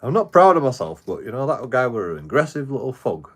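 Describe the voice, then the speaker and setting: A man's voice: medium pitch, very animated, fast talker, a bit bright. A man, telling a rambling, heavily sworn story in casual livestream chat. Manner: rambling, heavily profane storytelling with frequent restarts. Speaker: live streamer.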